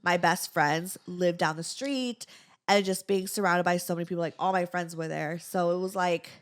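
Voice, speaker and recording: A young woman co-hosting a podcast, chatting casually and reading a listener's letter, with lots of "like" and quick laughing asides. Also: fairly low pitch. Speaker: podcast co-host.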